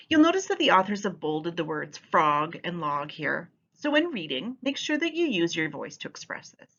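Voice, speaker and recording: A woman teacher giving an instructional voice-over with a clear, expressive delivery. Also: on the low side, normal speed, few pauses. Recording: slightly muffled recording.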